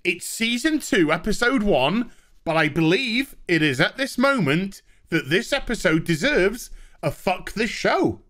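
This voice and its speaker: A man's voice: high voice, very animated, unhurried, a bit bright. A man ranting through a sarcastic, exasperated TV episode review, mocking the characters as he recounts the plot.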